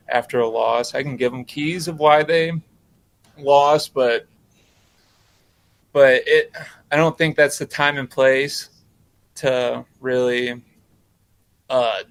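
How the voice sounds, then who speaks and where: A man who coaches high school basketball, answering interview questions in a halting way, often repeating words. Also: level tone, a bit bright, clean tone.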